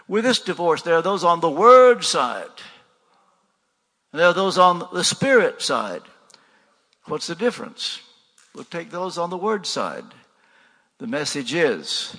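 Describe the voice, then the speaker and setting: A man's voice: fairly high pitch, big pitch swings, unhurried, bright, forceful tone, long reverb tail. An older man preaching a sermon in a conversational way, asking rhetorical questions and repeating refrains.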